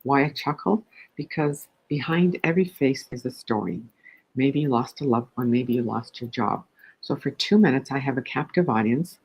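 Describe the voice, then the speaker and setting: A woman guest on a talk show, speaking in a husky voice. She tells an anecdote and a joke with animated delivery. Her voice carries a breathy rasp. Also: a bass voice, normal speed, low-quality recording. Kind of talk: interview conversation.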